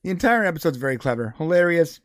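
A man's voice: fairly high pitch, big pitch swings, fast, no echo, clean studio sound. A man co-hosting a podcast in casual chat, laughing often and acting out quoted voices. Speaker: podcast co-host.

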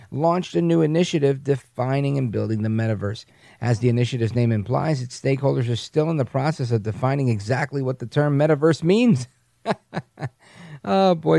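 A man hosts an opinionated talk radio show in a dark, gravelly voice. He talks in an animated, mocking way and often restarts his sentences. The recording is dry and close. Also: mid-range voice, no room sound.

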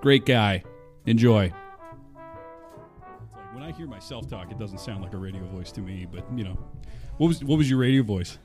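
A man's voice: lowish voice, animated, normal speed, long pauses, darkish tone, soft background music. A man hosting a podcast, talking casually in a rambling, self-deprecating and wry way. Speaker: podcast host. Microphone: studio microphone.

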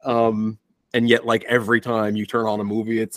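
A man's voice: lowish voice, level tone, a little fast, no room sound. A young man co-hosting a podcast, chatting casually about a film, rambling and restarting his sentences with the odd profane aside. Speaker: podcast co-host. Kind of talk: casual film review chat.

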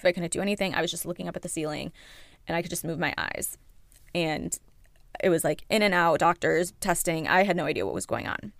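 A woman's voice: lowish voice, creaky, dry recording. A woman in her twenties hosting a podcast, telling a personal story candidly, swearing freely and voicing her own past thoughts. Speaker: podcast host.

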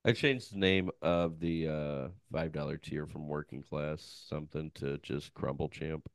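A man's voice: fairly even intonation, unhurried, gravelly, dry recording, studio quality. A man co-hosting a podcast, chatting casually and joking. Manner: joking, breaks into high mocking bits. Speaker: podcast co-host. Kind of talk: casual chat.

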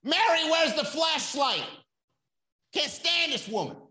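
A man's voice: extremely high pitch, big pitch swings, takes it slowly, roomy sound, pitched above the performer's own voice, heavily acted. A man voicing a furious homeowner who swears while fixing up his house. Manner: shouting, exasperated, swearing. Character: furious cursing male homeowner renovating house.

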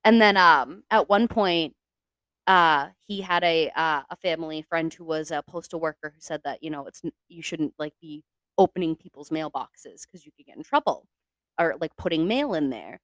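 A woman's voice: low-pitched, moderate pace, fairly bright tone, no echo. A young woman hosting a casual podcast, chatty and swearing freely, with lots of fillers. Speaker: podcast host. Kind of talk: casual true-crime podcast chat.

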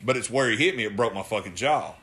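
A man's voice: on the low side, lively intonation, quick pace, sharp tone. A man, a podcast co-host telling a wrestling story in casual chat, profane and laughing often.

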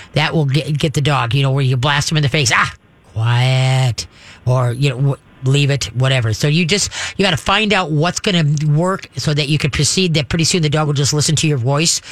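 A man hosting a call-in advice show as a dog trainer, chatting folksily with many restarts and dropping into low, firm commands when he demonstrates. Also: a little fast, a bit bright, no room sound.

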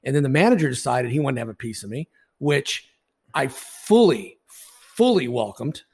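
A man's voice: medium pitch, very animated, moderate pace, vocal fry, darkish tone, slightly rough. A man, a baseball umpire and podcast co-host, telling a story in blunt, profane, laughing casual chat.

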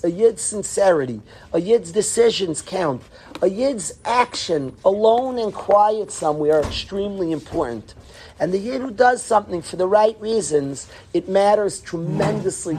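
A man's voice: high voice, warm tone, slight background noise. A man teaching a Torah class to yeshiva students, earnest, calling on students by name and dropping into whispers.

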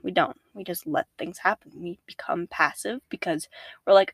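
A young woman, a podcast guest, talking casually about faith, animated, laughing often and acting out her own inner voices. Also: fairly low pitch, normal speed, vocal fry, dry recording.

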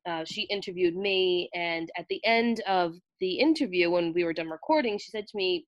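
A woman's voice: lowish voice, fairly quick, hardly any pauses, no room sound, dull audio. Rhode Island woman, dry close sound. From Cranston, Rhode Island. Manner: storytelling, animated asides. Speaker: podcast co-host. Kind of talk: casual chat.

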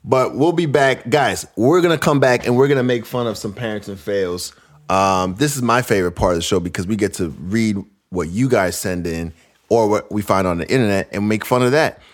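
A man hosting a casual comedy podcast who reads listener letters aloud, reacts with plenty of laughter, and keeps up an animated, joking delivery. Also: on the low side, brisk. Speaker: podcast host.

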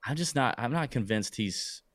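A man's voice: medium pitch, animated, normal speed, a bit bright, no room sound, studio quality. A man co-hosting a casual sports talk podcast, rambling and hesitant, with frequent restarts. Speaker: podcast co-host.

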